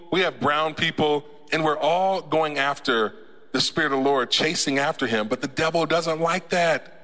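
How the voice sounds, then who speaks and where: A man preaching a sermon to his church in a relaxed, joking way, with laughs and frequent restarts. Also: a little high. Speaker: pastor. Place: church sanctuary. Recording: church hall with long reverb.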